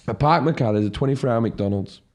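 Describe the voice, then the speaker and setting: A comedian telling a story in casual chat, acting out shouts as he goes. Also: medium pitch, fast talker. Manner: animated, acts out shouts in his stories.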